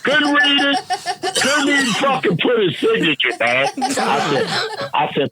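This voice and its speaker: A man's voice: on the high side, normal speed, crowd noise, low-quality recording. A man guest on a casual podcast, telling a profane work story and laughing along as he tells it. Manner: profane, animated, laughing at his own story.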